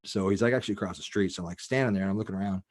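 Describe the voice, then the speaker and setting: A man hosting a casual podcast, telling a wild story in a profane, rambling, animated way. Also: deep voice, very fast. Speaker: podcast host.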